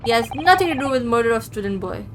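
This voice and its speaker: A gruff, stubborn burly sailor, played by a woman, barking blunt broken English as he guards a ship's cabins in a visual novel. The voice sits a bit high for such a hulk, and a noisy hiss runs under the recording. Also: lively intonation, quick pace, natural voice. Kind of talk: reading a visual novel aloud.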